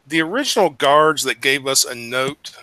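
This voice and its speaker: A man's voice: mid-range voice, animated, moderate pace, bright, forceful tone, dry recording, low-quality recording. A man playing a tabletop game who asks questions in a hesitant, polite way. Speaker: player.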